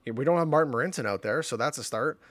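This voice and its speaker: A man co-hosting a sports podcast, chatting casually and hesitantly, often trailing off quietly. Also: mid-range voice, fast, dry recording. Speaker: podcast co-host.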